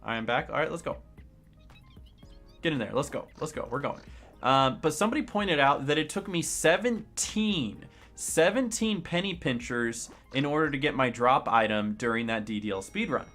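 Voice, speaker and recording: A man's voice: mid-range voice, lively intonation, normal speed, a bit bright, faint music behind. Casual rambling male game streamer. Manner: rambling and conversational, with frequent fillers and restarts; opinionated and shrugging. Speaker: gaming streamer. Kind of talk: casual commentary while playing a game.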